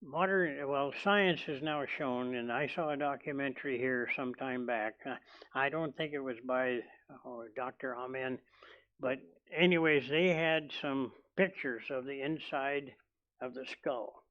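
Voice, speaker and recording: A man preaching a sermon in a church, talking slowly and deliberately, often restarting his sentences. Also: mid-range voice, dull audio. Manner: slow and deliberate, with many restarts. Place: church hall.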